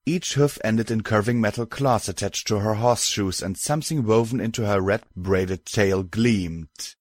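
Low-voiced man narrating a story. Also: moderate pace, no echo. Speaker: audiobook narrator. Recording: dry close mic, faint music.

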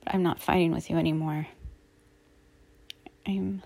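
A woman in a whispered role-play, soft and halting as she apologizes to an upset partner. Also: sits low, steady tone, creaky, husky. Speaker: audio role-play performer playing a girlfriend.

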